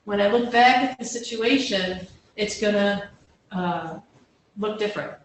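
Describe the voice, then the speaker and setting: A woman counselor talks through a workshop in a loose, conversational way, often restarting her sentences and checking in with the room. Her voice sits at an ordinary middle pitch. It is picked up from across a strongly echoing lecture room, with a faint hum underneath. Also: measured pace, distant mic. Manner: conversational and self-deprecating, with frequent restarts and "right?" check-ins. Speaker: campus counselor giving a workshop talk.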